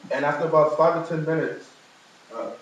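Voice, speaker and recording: A man's voice: fairly quick, muffled recording, a little hiss or hum. A young man from New York giving a personal testimony to a live audience, telling a family story with humorous asides. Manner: storytelling, humorous asides, animated rises in pitch. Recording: very echoey room, from far off.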